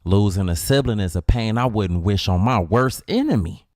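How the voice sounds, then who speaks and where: A young man with a Chicago accent narrating a dramatic comedic story in casual slang, with drawn-out pauses. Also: lowish voice, expressive, darkish tone, no echo, studio quality.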